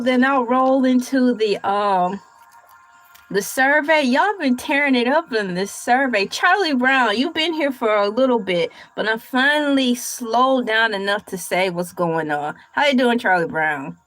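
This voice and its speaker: This woman's high, animated and slightly bright voice comes through a low-quality recording as she casually hosts a livestream. She reads a recipe slowly before riffing on it with rambling, playful jokes.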